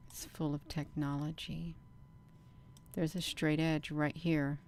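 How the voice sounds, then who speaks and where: As a channel host, this low-voiced woman gives casual live commentary over camera footage, speaking slowly and chattily while repeatedly calling her viewers "you all." She's animated and insistent, hitting her points in emphatic bursts and urging them to look where she points, with slight background noise behind her.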